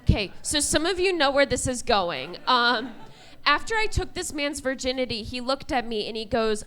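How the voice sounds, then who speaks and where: Woman, twenties, stand-up comedian, high and animated pitch, deadpan punchlines, laughs at own jokes, club stage mic. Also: normal speed. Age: 20s.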